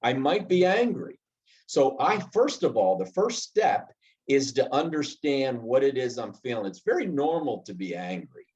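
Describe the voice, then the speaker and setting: Male trainer, mid pitch, chatty teaching tone, slightly muffled lo-fi recording. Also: sing-song, normal speed, darkish tone. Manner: conversational, frequent "right?" asides and restarts. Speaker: project management trainer. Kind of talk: instructional talk with personal anecdote.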